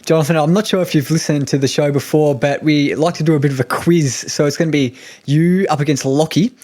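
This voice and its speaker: A man's voice: a little high, steady tone, fast, a little mellow. A man with an Australian accent hosting a podcast, asking questions and running a quiz in a chatty, easygoing way. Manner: easygoing, chatty, hesitant fillers. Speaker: podcast host.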